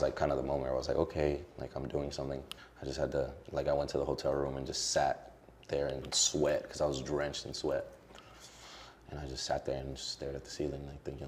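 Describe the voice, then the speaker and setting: A young man with an extremely deep voice talks casually in an interview, full of fillers. He speaks candidly and with strong emotion. A faint hiss sits behind him. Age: young adult. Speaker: social media creator as guest.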